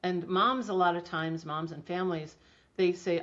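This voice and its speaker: A woman's voice: on the low side, fairly even intonation, moderate pace, fairly bright tone. A middle-aged woman guest talking enthusiastically about homeopathy in a casual interview, chatty with many restarts. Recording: dull lo-fi audio.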